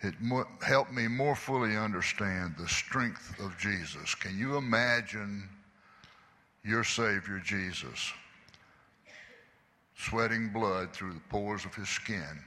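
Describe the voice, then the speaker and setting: Slow, earnest older man. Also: fairly low pitch, bright, forceful tone. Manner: earnest, confessional storytelling. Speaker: guest speaker giving testimony. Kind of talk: church testimony. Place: church. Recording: echoey church hall.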